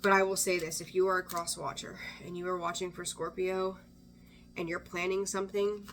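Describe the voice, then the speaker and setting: A woman with a lowish voice talks through a tarot reading in a loose, chatty way. She is blunt and swears freely, breaking off mid-sentence and starting over. A faint hum of ambient noise sits behind her. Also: flat delivery, moderate pace, a bit bright. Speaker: tarot reader. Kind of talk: casual weekly tarot reading.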